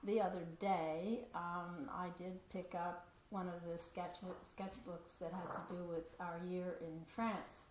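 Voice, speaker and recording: Woman, reflective, very slow, echoey room, faint background noise. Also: fairly low pitch, little pitch movement, a little mellow. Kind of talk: personal storytelling. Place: community center hall. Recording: roomy hall from off the mic.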